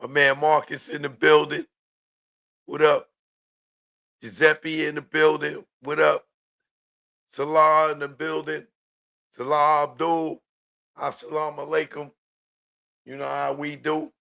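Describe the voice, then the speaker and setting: A man hosting a casual live-stream, talking in a relaxed, slangy way and hyping up his viewers. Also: on the high side, creaky. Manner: laid-back, hypes viewers, drawn-out street slang. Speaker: live show host.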